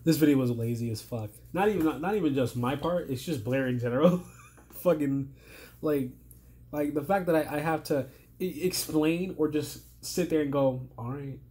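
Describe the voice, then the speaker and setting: Speaking at a moderate pace with a fairly high, mellow pitch, a weary man hosts a reaction video in a tired, strained voice. His commentary rambles, full of exasperated stammering and frequent swearing.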